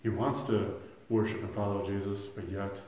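A man in his thirties with a fairly low voice preaches a sermon in a church sanctuary, and the room rings with heavy echo. He is earnest, rising to loud emphasis and then dropping to a soft hush. He often doubles a word as he restarts a thought. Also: flat delivery, normal speed. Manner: earnest, swings between loud emphasis and soft hushed lines; repeats words when restarting. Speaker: pastor.

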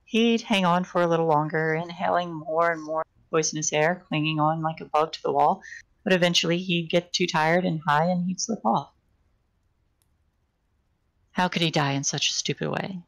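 A woman with a lowish, gravelly voice reads a novel aloud on a live stream. She reads unpolished, often tripping over a phrase and correcting herself before carrying on. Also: fairly even intonation, normal speed, low-quality recording. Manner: unpolished live reading with frequent restarts and self-corrections. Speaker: reader.

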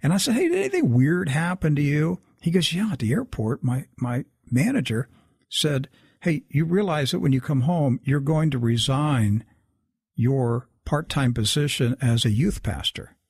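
Husky, lively-voiced man telling a story. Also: fairly high pitch, normal speed, dry recording, clean studio sound. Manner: animated, acts out quoted dialogue. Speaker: guest storyteller. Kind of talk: casual spoken storytelling.

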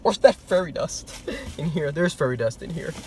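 A man vlogging casually, telling a story in an excitable, animated way, with some stammering. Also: a little high, normal speed, very noisy. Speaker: toy-hunting vlogger.

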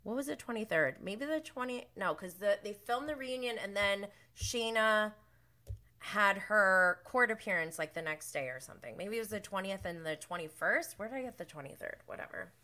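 A woman's voice: mid-range voice, expressive, moderate pace, bright, forceful tone. A woman hosting a casual reality-show recap, rambling and chatty, laughing often and mimicking the people she talks about. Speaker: podcast host.

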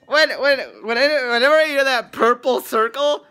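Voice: high-pitched, moderate pace, hardly any pauses, bright, forceful tone, smooth. A vlogger talking in a casual, rambling way, often giggling at their own jokes. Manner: rambling, giggly, self-amused.

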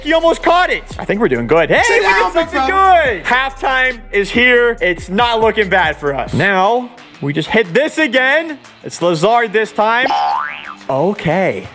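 Hyped gamer guy talking over his football game, high voice that jumps around a lot, mumbles then shouts, music going. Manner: excitable, swings between muttered asides and sudden shouts. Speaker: gaming YouTuber. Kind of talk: live commentary over his own football video game play.

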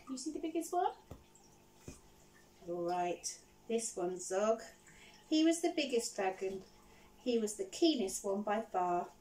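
A woman teacher reading a picture book aloud to children, animated and often stopping to ask them questions. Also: medium pitch, unhurried, pauses often, far from the mic, slight background noise, rough recording. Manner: animated, asks the listeners questions.

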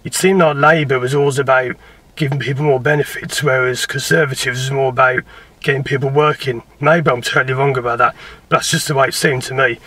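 English bloke, driving instructor, mix of posh and Birmingham accent, bright voice, rambling and self-mocking. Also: male voice, medium pitch, steady tone, brisk, husky, distant mic. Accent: English, between posh southern and Birmingham. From England. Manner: rambling, chatty, self-deprecating, laughs often. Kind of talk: casual Q&A to camera.

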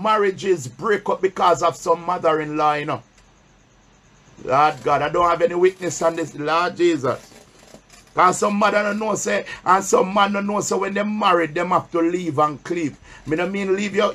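A man's voice: sits high, fairly bright tone. A male bishop preaching a sermon, drawing call-and-response from the congregation and reading scripture with emphasis. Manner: reads scripture slowly and emphatically.

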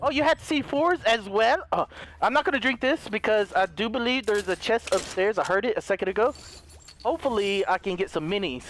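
A man commentating his own video game play, jokey and excitable, dropping to hushed mutters and then bursting into loud yells. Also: high voice, a little fast, a little hiss or hum. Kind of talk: live gameplay commentary.

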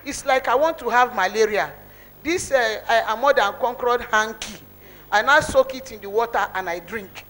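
A woman's voice: a little high, moderate pace, a bit bright, slight background noise, rough recording. A woman giving a spoken testimony in church, telling her story earnestly, with emotion and many repeats.

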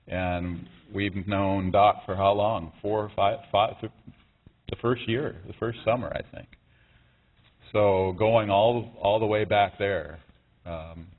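A middle-aged man making a statement at a press conference, speaking haltingly with many pauses and restarts. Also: sits low. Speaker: father making a public statement. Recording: tinny, phone-like sound.

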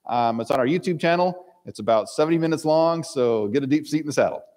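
A man's voice: on the high side, fast, a little mellow, big-room sound. A male pastor giving a sermon, reading scripture aloud and acting out the characters' lines in dramatic voices.

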